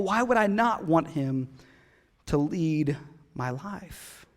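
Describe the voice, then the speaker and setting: Emphatic preacher in a reverberant hall. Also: male voice, a little high, animated, slow pace. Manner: swings from loud emphatic build-ups to hushed whispers; conversational, jokes with the congregation. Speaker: pastor. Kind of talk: sermon. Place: church hall. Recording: long hall reverb in a church.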